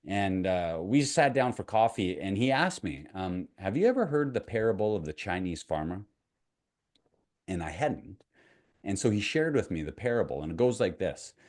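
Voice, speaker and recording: A man with a deep, low voice speaks as a mindset coach. He tells a story in a relaxed, conversational way and turns to the viewer with questions. He is middle-aged and from Canada. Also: moderate pace. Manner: conversational, asks the viewer questions, retells a parable. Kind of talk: motivational storytelling to camera.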